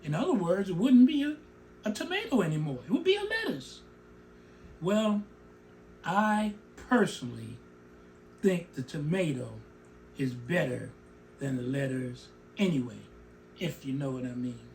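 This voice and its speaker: Animated man with a lively, swinging voice. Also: on the high side, measured pace, pauses often, a little hiss or hum. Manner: animated, emotional, digresses and comments on his own speech. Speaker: show host. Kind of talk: opinion commentary monologue.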